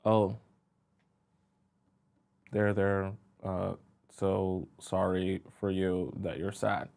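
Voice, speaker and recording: A man coaching women on relationships in a live-stream talk, explaining slowly with repeated examples and checking whether listeners follow him. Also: medium pitch, smooth. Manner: keeps checking in with listeners, asking if they follow.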